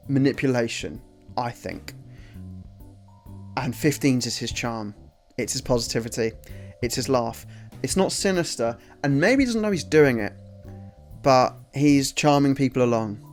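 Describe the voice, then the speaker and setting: A man giving a casual, enthusiastic spoken review of a TV episode, rambling with restarts. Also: mid-range voice.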